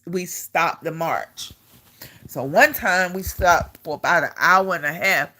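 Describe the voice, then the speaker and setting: A middle-aged woman and army veteran, casually telling a story to the camera in an animated way, often repeating herself and laughing. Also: fairly low pitch.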